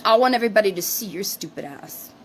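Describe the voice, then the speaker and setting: A woman's voice: medium pitch, expressive, fast, a little hiss or hum. A woman co-hosting a livestream, ranting defensively and swearing, with Spanish phrases mixed in. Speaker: livestream co-host. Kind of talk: heated casual rant.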